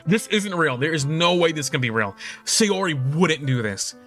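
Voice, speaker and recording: A man streaming a game, reading its dialogue aloud and breaking off into excitable, profane reactions. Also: on the high side, normal speed, soft background music.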